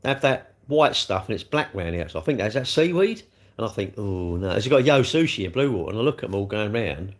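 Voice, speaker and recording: A man's voice: mid-range voice, very animated, fairly quick, vocal fry. An older man, hosting a casual livestream, chatting in a rambling, blunt way while he answers viewer comments. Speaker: livestream host.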